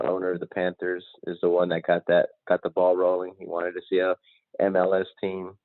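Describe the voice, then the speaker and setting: A lower-voiced man hosts a sports talk show on his own. He rambles through strong opinions and climbs higher when he gets fired up. His voice comes through a thin, phone-like line with a dry, close sound. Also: dry recording. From North Carolina, USA. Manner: opinionated, rambling, rising emphatically when worked up. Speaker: sports podcast host. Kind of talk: solo sports talk monologue.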